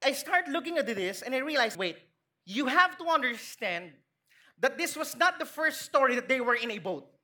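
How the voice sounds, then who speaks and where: A Filipino woman delivers a sermon in a high, bright voice. She keeps asking her listeners questions and playfully acts out quoted lines as she teaches. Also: moderate pace. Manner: lively, questioning the congregation, acting out quotes. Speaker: preacher.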